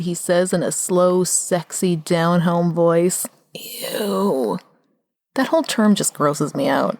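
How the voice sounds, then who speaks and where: A young woman chats as a podcast co-host, sarcastic and quick to swear. Her voice sits on the low side. The sound is dry and close. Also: darkish tone, no echo. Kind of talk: casual chat.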